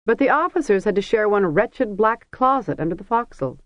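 An audiobook narrator reading a fantasy story in a measured, even storytelling manner. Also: medium pitch, dry recording. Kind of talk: scripted narration. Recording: dry, dull lo-fi recording.

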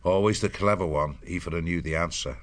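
A man narrating an animal adventure audiobook in a measured storytelling way. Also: deep voice.

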